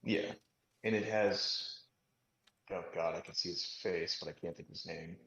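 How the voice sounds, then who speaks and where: A man's voice: sits low, steady tone, moderate pace, gravelly, fairly bright tone. A man in casual chat, teasing and opinionated, swearing casually. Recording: roomy lo-fi recording.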